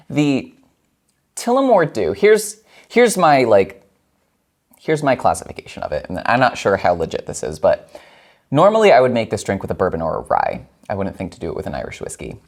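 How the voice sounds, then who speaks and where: A man hosts a casual cocktail show, talking through each step with a playful, chatty manner. His voice leaps around in pitch, and he laughs easily. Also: darkish tone.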